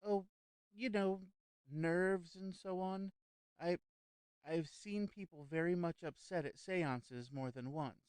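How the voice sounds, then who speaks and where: A man's voice: high-pitched, takes it slowly, darkish tone, smooth, dry recording, pitched above the performer's own voice. A man putting on a nervous, stammering society lady. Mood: anxious. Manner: nervous, hesitant, stammering repeats. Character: anxious fussy society lady hostess.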